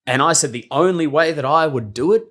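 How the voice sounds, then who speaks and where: Young aussie guy spinning yarns on a podcast, bright voice, swears a lot, laughs, does the quotes. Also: a little high, brisk. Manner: swears freely, laughs often, acts out quotes. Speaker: podcast guest, circus performer. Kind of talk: casual storytelling chat.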